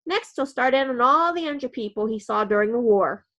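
A woman's voice: on the high side, expressive, brisk, fairly bright tone. A woman reading a first-person storybook aloud in a wry, dry manner. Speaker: audiobook narrator.

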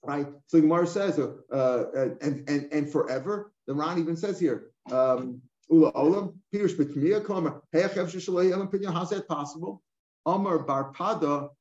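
Older man teaching Talmud, animated. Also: fairly high pitch, moderate pace. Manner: animated, rhetorical questions, mixes Hebrew and Aramaic terms. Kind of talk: line-by-line Talmud class. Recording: echoey room, dull lo-fi sound.

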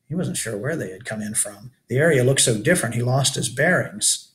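A man, the author, reading his children's book aloud as an expressive storyteller with brief asides to listeners. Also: medium pitch, brisk, few pauses.

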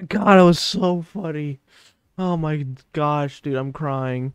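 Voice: mid-range voice, takes it slowly, clean tone, no room sound, studio quality. A young gaming video host giving casual commentary, who keeps breaking into laughter and exclaiming, and swears freely while saying "dude.".

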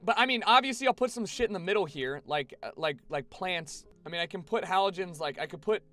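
A man's voice: high-pitched, expressive, fairly quick, bright, forceful tone. A young man giving casual, chatty gameplay commentary to his live chat, swearing freely. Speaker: streamer.

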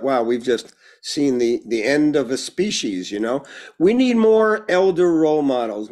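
A man as guest in a conversational interview, telling stories with jokes and asides. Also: mid-range voice. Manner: animated storyteller, jokes and asides. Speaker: guest speaker.

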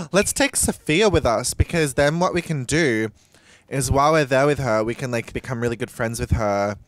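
A man's voice: medium pitch, animated, moderate pace, no echo. A young man, a drag queen, chatting casually and swearing freely while playing a life-sim game. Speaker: drag queen let's play host. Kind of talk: casual gameplay commentary.

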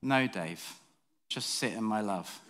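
A calm and gentle God, as a man puts him on. The voice is soft and patient and never hurries, and he speaks in a quiet, reassuring tone. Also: on the high side, moderate pace.

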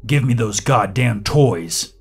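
A man voicing a harsh, angry father who barks and yells. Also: mid-range voice, animated, takes it slowly, a little hiss or hum. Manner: yelling, gruff.

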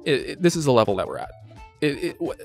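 A man co-hosting a reaction stream, talking in a sarcastic, mocking, halting way. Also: medium pitch, sing-song, vocal fry, faint music behind. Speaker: co-host reacting to a video. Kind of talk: casual commentary chat.

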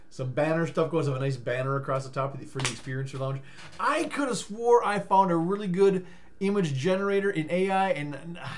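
Casual vlogger, male, tired, rambling and stammering, slightly high voice, goofy sing-song bursts. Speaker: life coach vlogger.

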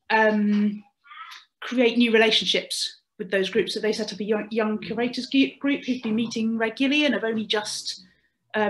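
A woman's voice: a little high, rough recording. Hesitant woman reporting back on a call. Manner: hesitant, many fillers and restarts. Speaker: webinar participant reporting back. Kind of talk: casual spoken group report. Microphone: video call.

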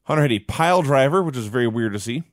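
A man's voice: medium pitch, expressive, quick pace, no room sound, clean studio sound. A man co-hosting a podcast, recapping an old wrestling show in a wry, storytelling way. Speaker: podcast co-host. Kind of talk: casual wrestling recap chat.

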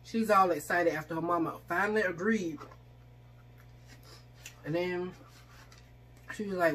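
A woman's voice: on the low side, steady tone, moderate pace, pauses often, a little hiss or hum. Chatty woman telling a story while eating. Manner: chatty, acts out quoted voices, eating while talking. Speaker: vlogger. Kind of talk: casual storytelling mukbang.

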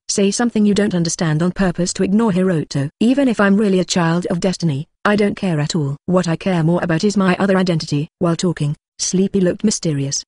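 This is a text-to-speech voice narrating an audiobook of a translated web novel. It reads narration and dialogue alike in one flat, even tone. The recording is dry and close, with no room around it. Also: mid-range voice, no room sound.

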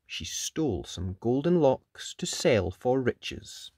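Slow, expressive read-aloud storyteller. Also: medium pitch, husky, no room sound. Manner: expressive, with whispered sound effects.

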